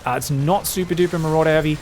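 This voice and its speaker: High-pitched guy casting a strategy game, gets super hyped, swears a bit. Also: racing, faint music behind. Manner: excitable, swears casually, jokey. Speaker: esports commentator. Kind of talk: solo game commentary.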